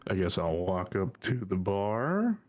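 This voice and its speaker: A man's voice: sits low, wildly swooping pitch, a little slow, darkish tone. A man playing a tabletop game who talks in character in a hesitant, polite way and often restarts his sentences. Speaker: player.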